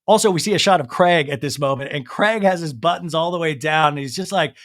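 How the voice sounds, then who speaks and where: Guy doing a gossipy reality tv recap podcast, slightly high voice, acts out everyone's lines. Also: fairly quick, no echo, clean studio sound. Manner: animated, acts out cast members' lines in put-on voices. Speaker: podcast host.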